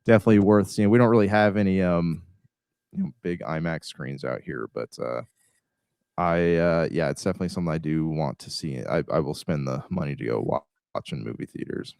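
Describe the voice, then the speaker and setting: A man's voice: extremely low pitch, brisk, gravelly, a little mellow, no room sound, clean studio sound. A young man co-hosting a casual podcast over a call, agreeable and loose, peppering his talk with "like" and "man.". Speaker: podcast co-host. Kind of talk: casual chat. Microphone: remote call mic.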